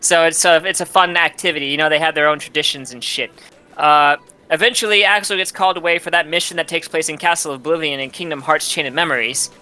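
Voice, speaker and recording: A man's voice: a little high, fairly even intonation, fast talker, sharp tone, soft background music. A man casually retelling a game's story, rambling and swearing, often laughing. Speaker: host retelling a game's plot. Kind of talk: casual drunk chat.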